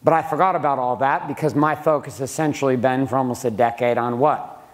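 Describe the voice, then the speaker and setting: A man's voice: medium pitch, fairly even intonation, a little fast. A middle-aged man giving a blunt, profane motivational business talk to a live audience, swearing freely and throwing questions at the room. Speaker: speaker teaching a room of men.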